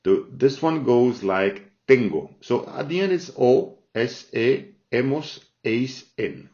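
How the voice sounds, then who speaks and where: Slow man teaching grammar, lo-fi sound. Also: medium pitch, expressive, a little mellow. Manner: slow, repeats forms, checks in with "all right?". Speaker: Spanish teacher. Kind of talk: explaining grammar from a chart. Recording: dull lo-fi sound.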